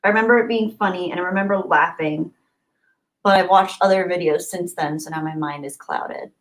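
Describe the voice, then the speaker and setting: A woman's voice: fairly low pitch, fairly quick. Giggly woman chatting on a livestream. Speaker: live streamer. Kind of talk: casual live-stream chat reading viewer comments.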